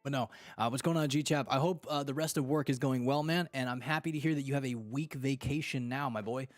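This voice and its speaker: A man hosts a laid-back podcast and reacts to chat in a slangy, animated way. His voice sits in a middle pitch and sounds dry and close. Faint music plays underneath. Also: brisk, no room sound. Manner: slangy and animated, fond of "dude" and "freaking". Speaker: podcast host reading live chat. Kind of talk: casual chat.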